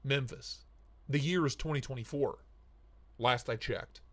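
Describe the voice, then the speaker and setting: A man hosting a casual live stream, playfully greeting chatters by name with jokey shout-outs. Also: mid-range voice, measured pace. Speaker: livestream host.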